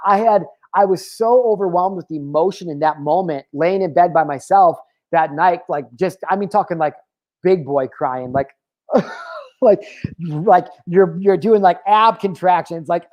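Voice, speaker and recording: A man's voice: sits high, moderate pace, darkish tone. A man in his thirties hosting his own show, talking candidly and profanely about his feelings, with filler words and tangents. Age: 30s. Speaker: host. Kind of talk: casual motivational talk.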